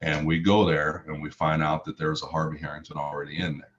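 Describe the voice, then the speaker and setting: A man's voice: rumbling low, level tone, fairly quick, slight background noise. A middle-aged man from Chicago telling a personal story in vivid, emotional present tense. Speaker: motivational speaker. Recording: slightly muffled recording.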